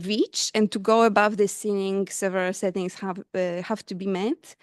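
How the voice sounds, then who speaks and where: A woman presents her research at a conference, pausing often with fillers and restarting her sentences. She sounds a little out of breath. Her voice is smooth and resonant, recorded dry and close, at a middle pitch. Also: no echo. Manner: hesitant, many fillers and restarts. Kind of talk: scientific conference talk. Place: conference hall.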